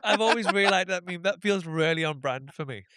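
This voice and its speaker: A British man chatting casually as a podcast guest, gossipy and quick to laugh at himself. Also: high voice, bright, forceful tone, dry recording, studio quality. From Britain. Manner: chatty, gossipy, self-deprecating. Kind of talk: casual chat.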